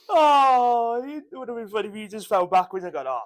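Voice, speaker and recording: A man co-hosting a podcast, answering with short reactions and loud laughs. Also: extremely high pitch. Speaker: podcast co-host. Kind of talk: casual chat.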